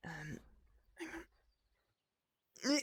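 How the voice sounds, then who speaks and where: A woman's voice: fairly high pitch, sing-song, extremely slow, slightly rough. A woman streamer reading a visual novel on stream, chatting and musing aloud about the wording.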